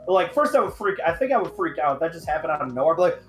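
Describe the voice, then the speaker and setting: A man hosting a casual podcast chat, excitable and profane, breaking into sudden loud outbursts. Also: a little high, very fast, hardly any pauses, soft background music. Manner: excitable, swearing, shouts in bursts. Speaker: podcast host.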